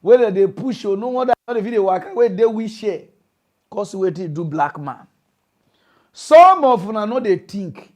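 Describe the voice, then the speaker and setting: High-voiced ranting man, Nigerian Pidgin. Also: normal speed. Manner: animated, mocking, preachy lecturing. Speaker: comedy news host. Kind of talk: comedic rant.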